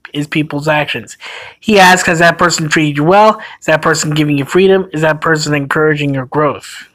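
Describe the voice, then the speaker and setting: A man's voice: sits high, a bit bright, poor audio. A man hosting a commentary video, ranting indignantly and with profanity, often restarting his phrases.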